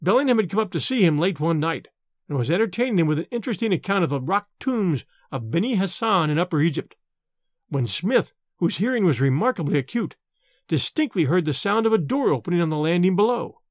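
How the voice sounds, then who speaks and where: Expressive man narrating a horror story. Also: high-pitched, a little fast, dry recording, clean studio sound. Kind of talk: scripted audiobook narration.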